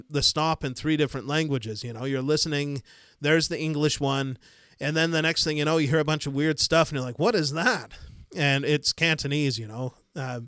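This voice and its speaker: A man's voice: a little high, clean tone, no echo, clean studio sound. Easygoing Midwestern man on a livestream. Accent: Midwestern American. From United States. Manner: rambling, easygoing, frequent fillers and soft chuckles. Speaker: livestream host. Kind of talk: casual live-stream chat, reading viewer comments.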